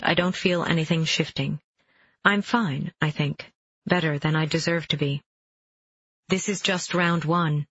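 A woman narrating a first-person audiobook in a steady, deliberate manner. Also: deep voice, breathy edge, highs cut off.

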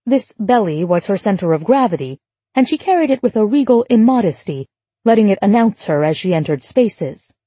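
A woman reading a novel aloud as an audiobook narrator, with an even, literary storytelling delivery. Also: medium pitch, normal speed, slightly rough, dry recording. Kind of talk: scripted narration.

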